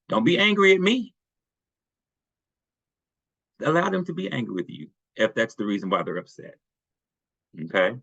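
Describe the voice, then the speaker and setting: A man's voice: low voice, sharp tone, husky, no room sound. Man presenting on dull dry audio. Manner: reassuring, checks in with "okay?". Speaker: family services presenter. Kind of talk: parent workshop talk.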